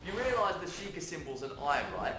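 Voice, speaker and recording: A man's voice: fairly high pitch, a little fast, noisy background. A young man chatting casually and animatedly while watching a game being played. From South London, England. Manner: animated, swearing, laughs easily. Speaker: gamer co-host. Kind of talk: casual gaming chat. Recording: roomy room, game music behind.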